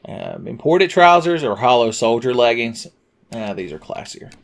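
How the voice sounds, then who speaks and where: Man, game commentator, sarcastic profane banter, mid-pitched voice. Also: very animated, normal speed, vocal fry. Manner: sarcastic, profane, rambling jokes. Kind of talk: let's play commentary.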